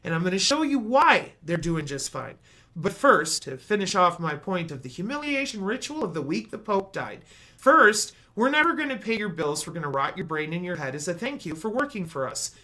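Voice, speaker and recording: A bright-toned commentator in a heated monologue, mocking and sarcastic, with lively swings in pitch. The delivery sounds sharp and pushed. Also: a little fast.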